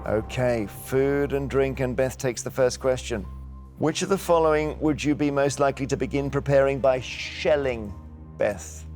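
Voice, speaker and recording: A man's voice: medium pitch, moderate pace, over music. A man hosting a quiz show in a TV studio, upbeat and teasing as he reads out questions.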